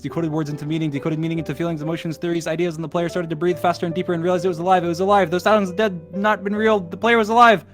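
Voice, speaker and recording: A man with a voice a bit high for a man races through a long text he is reading aloud, stopping now and then to joke about it. He talks over a computer mic to a voice call. Soft music plays under him. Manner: rushed reading broken by joking asides. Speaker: streamer. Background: soft added music.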